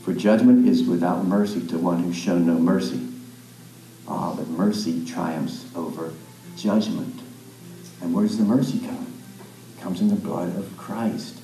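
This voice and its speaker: A man delivers a sermon in a low, mellow voice. He reads scripture aloud, then explains it in plain words, restarting now and then and adding asides. The sound carries the roomy echo of a church. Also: fairly even intonation, moderate pace, a little hiss or hum. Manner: thoughtful, with small restarts and asides. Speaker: pastor. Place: church sanctuary.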